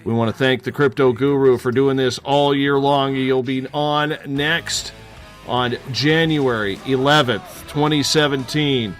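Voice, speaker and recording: A man hosting a radio talk show. He speaks in a brisk, announcer-like way as he reads questions and wraps up the show. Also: mid-range voice, fairly even intonation, faint music behind.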